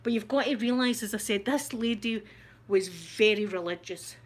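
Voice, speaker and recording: A middle-aged Scottish woman, the host of her channel, telling a story in a casual chat, animated and laughing often. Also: medium pitch, moderate pace.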